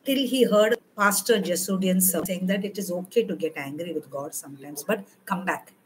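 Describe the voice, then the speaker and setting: A woman's voice: lowish voice, moderate pace, a little hiss or hum, poor audio. An older woman from India preaching a sermon in a conversational way, often repeating herself and acting out prayers. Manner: conversational, repeats and rephrases, quotes prayers aloud.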